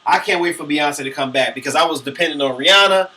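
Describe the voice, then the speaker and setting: Sassy man with a high bright voice. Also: quick pace, far from the mic. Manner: sassy, brash, dramatic. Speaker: vlogger. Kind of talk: profane celebrity gossip rant.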